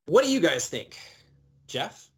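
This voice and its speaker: A man's voice: fairly high pitch, sing-song, measured pace, husky. A man co-hosting a podcast, retelling and analyzing a TV episode in a casual, enthusiastic way, with many fillers. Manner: enthusiastic, detailed storyteller who uses many fillers. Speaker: podcast co-host.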